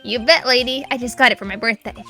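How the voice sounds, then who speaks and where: A woman's voice: a little high, fast talker, bright, forceful tone, soft background music. A woman voicing a boastful grade-school boy who brags about his fan collection. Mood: bragging. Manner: bragging, eager.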